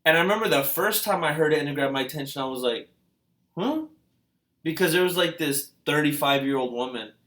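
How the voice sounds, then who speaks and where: A man hosting a reaction video, talking in a casual, rambling way with many fillers and restarts, musing and asking questions out loud. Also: fairly high pitch, fast talker, hardly any pauses. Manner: hesitant, full of fillers and restarts.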